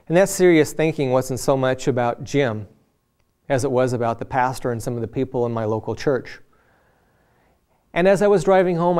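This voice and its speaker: A man's voice: mid-range voice, a little mellow, smooth. A man sharing a personal faith testimony from the pulpit. He talks in an earnest, conversational way and slips into the voices of the people he quotes. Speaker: lay preacher.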